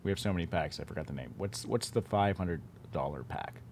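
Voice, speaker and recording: A man's voice: sits low, fairly quick, darkish tone, a little hiss or hum. Chatty man hosting a live stream. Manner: chatty, self-interrupting, repeats words. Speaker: game studio head hosting a stream. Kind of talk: casual live-stream chat.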